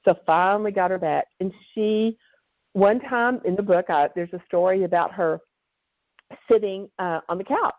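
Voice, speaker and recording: Animated woman telling stories in an interview. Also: mid-range voice, normal speed, dry recording. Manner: animated, lively storyteller. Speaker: guest author. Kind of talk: storytelling in an interview. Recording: dull lo-fi dry recording.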